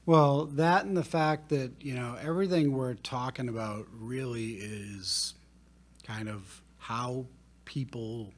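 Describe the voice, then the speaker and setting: A New man co-hosts a studio podcast in casual conversation. His voice has a husky edge, and he talks in a relaxed, rambling way, filling his pauses with "uh" and "you know.". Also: mid-range voice. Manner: relaxed, rambling, many fillers. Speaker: podcast co-host. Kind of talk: casual chat. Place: recording studio.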